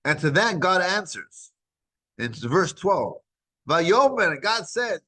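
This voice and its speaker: A man teaching a weekly scripture class, retelling the text as lively back-and-forth dialogue, with frequent restarts. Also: high-pitched, slow, rough recording.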